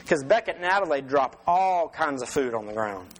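A man's voice: fairly high pitch, animated, normal speed, slight background noise, low-quality recording. Conversational male pastor preaching. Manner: conversational preaching with restarts and rhetorical questions. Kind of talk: sermon.

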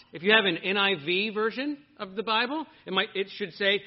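Male pastor, high and animated, sermon to a live congregation, muffled lo-fi sound. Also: fairly quick, hardly any pauses. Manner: animated preaching, questioning the congregation.

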